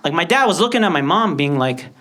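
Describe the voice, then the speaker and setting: A man in his thirties from Lebanon doing a stand-up comedy set, telling stories in an animated way and acting out the voices. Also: on the high side, fast, very noisy. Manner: animated storytelling with acted-out voices. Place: stage before a live audience.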